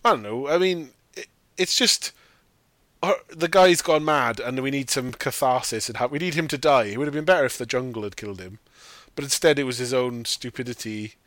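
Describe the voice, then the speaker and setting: A podcast host casually reviews a film, swearing often and laughing as he mocks the characters with put-on quotes. He has a medium-pitched, slightly bright voice and a brisk delivery, in a dry recording.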